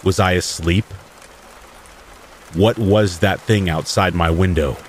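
A man with a lowish voice reads spooky first-person stories in a calm, measured way. Light rain patters steadily under his narration. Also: a little hiss or hum. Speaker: podcast storyteller. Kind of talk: scripted horror story narration.

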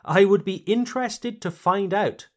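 A man hosting a podcast lesson, teaching vocabulary slowly and deliberately and repeating each word for learners. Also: sits high, darkish tone. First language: English. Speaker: English teacher and podcast host.

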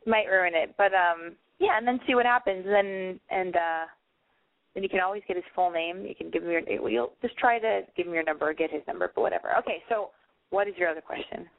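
A woman's voice: fairly low pitch, a little fast. Brash woman podcast host, phone-thin sound. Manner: brash, profane, rambling and playful. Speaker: podcast host giving dating advice. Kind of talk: casual call-in advice chat. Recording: phone-like narrow band.

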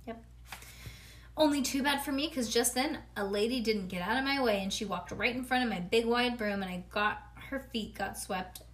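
A woman's voice: a little high, moderate pace, fairly bright tone. A woman reading a children's storybook aloud to her child, with chatty asides between pages. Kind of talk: bedtime read-aloud.

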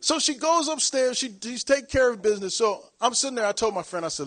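Male preacher, high-pitched, animated storyteller who laughs, shouts and does voices. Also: fast, hardly any pauses. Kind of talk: storytelling sermon.

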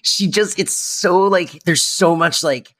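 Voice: mid-range voice, slow pace, a bit bright. A podcast co-host chatting casually and enthusiastically about a favorite scene. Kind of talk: casual chat.

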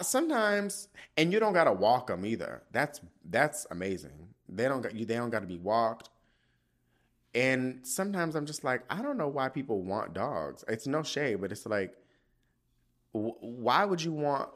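Profane, animated man ranting on a podcast. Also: medium pitch. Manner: animated, profane, theatrical quoted asides. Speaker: podcast host. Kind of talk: casual solo podcast rant.

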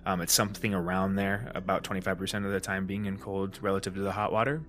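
A man's voice: sits low, fast, slight background noise. Rambling male podcast host, casual storyteller. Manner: rambling, many fillers and restarts, animated when retelling.

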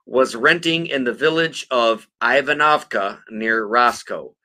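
A man's voice: mid-range voice, unhurried, pushed and bright. A man hosting a podcast, reading news aloud and swearing casually after a few beers. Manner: profane, joking, reads articles aloud. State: tipsy after several beers. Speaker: podcast co-host.

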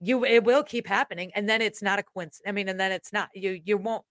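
A woman co-hosting a casual chat, talking quickly and rambling, often trailing off quietly. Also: medium pitch, no room sound, studio quality. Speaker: co-host.

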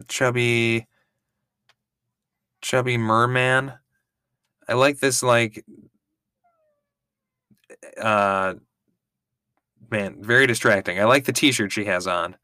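Guy hosting a podcast, bright voice, dry close sound, chatty and wry. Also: medium pitch, fairly even intonation, slow pace, long pauses, smooth, no room sound. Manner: chatty, wry, with offhand swearing. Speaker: podcast host. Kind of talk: casual podcast watch-along chat.

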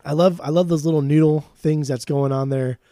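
A man co-hosting a casual music podcast, ranting and swearing freely in an animated way. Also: a little high, fairly quick, no room sound, studio quality. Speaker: podcast co-host.

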